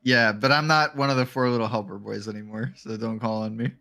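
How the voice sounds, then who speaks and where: A man's voice: on the low side, fairly even intonation, brisk, vocal fry, sharp tone. A man co-casting an amateur esports league on a live stream, joking and telling teasing stories about friends. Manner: joking, tells teasing anecdotes. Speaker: esports co-caster. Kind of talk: casual live-stream banter.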